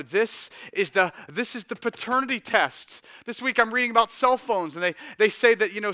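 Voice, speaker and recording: A man preaching a sermon as pastor, telling stories animatedly and swinging between quiet intensity and loud energy. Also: sits high, smooth, dry recording, clean studio sound.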